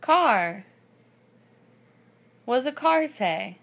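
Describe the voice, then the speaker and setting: A woman's voice: fairly high pitch, sing-song, extremely slow, vocal fry, fairly bright tone. A mother coaxing her toddler in baby talk, sing-song and often laughing.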